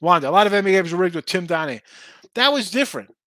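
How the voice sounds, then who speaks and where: A man hosting a sports betting show, chatting casually and answering viewer comments in a rambling, excitable way. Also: high voice, very fast, no room sound. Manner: rambling, excitable, talks back to chat. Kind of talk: casual live-stream chat reading viewer comments.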